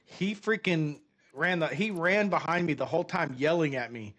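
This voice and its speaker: A middle-aged man streaming a game, telling rambling, animated stories in a casual way with many fillers. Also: on the high side, moderate pace. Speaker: gaming streamer. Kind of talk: casual storytelling while playing a game.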